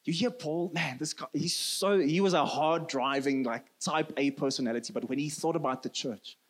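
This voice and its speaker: A South African man in his thirties preaches with an earnest, personal warmth. His voice sits noticeably high for a man, and his first language is Afrikaans. He often sinks into a soft, low tone to drive a point home. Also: moderate pace. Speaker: pastor. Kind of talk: sermon.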